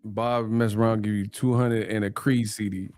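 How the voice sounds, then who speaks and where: A man's voice: fairly low pitch, level tone, moderate pace, a little mellow, soft background music. A man from New Mexico hosting a live stream, bantering in slang, laughing often and reading donations. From New Mexico, USA.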